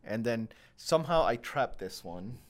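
A young man hosts a podcast in his medium-pitched, expressive voice, speaking at a moderate pace. In casual chat he rambles through long, self-deprecating stories packed with fillers.

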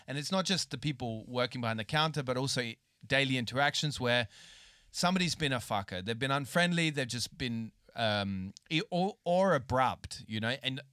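A man's voice: medium pitch, animated, normal speed, pushed and bright, clean tone, dry recording, studio quality. An Australian man co-hosting a podcast, chatting casually, joking and swearing freely. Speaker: podcast co-host. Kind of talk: casual chat.

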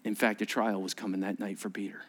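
A male pastor preaching a sermon in a conversational, animated way, acting out quoted voices and asking the listeners questions. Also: lowish voice, quick pace. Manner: animated, acts out quoted voices with sudden rises; conversational, asks the congregation questions.

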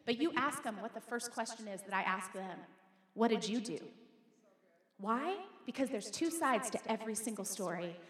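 A middle-aged woman pastor with a rather high, slightly bright voice preaches briskly with lively intonation and few pauses. She speaks straight to the congregation in a conversational, emphatic sermon in a church auditorium, recorded in an echoey hall with long reverb.

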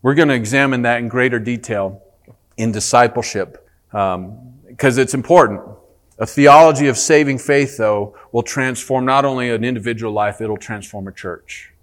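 Homem pastor pregando com fervor. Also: male voice, mid-range voice, moderate pace. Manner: earnest preaching, rising for emphasis, animated storytelling. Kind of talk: sermon. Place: church.

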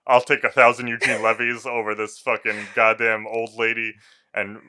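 A man's voice: mid-range voice, normal speed. A man co-hosting a movie review podcast in casual chat, ranting and swearing freely. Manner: profane, ranting, animated. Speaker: podcast co-host.

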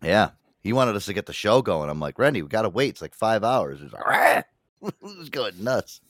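Animated swearing man hosting a show. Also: on the low side, a little fast, dry recording, studio quality. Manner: animated storyteller, swears freely, slips into impressions. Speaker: radio show host. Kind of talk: loose casual banter with crude humor. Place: small studio. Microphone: studio mic.

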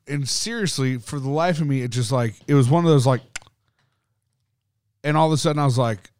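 A man's voice: mid-range voice, normal speed, a little mellow, dry recording, studio quality. A man co-hosting a podcast, telling a ghost story in casual chat, swearing often and rambling with lots of fillers. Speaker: podcast co-host.

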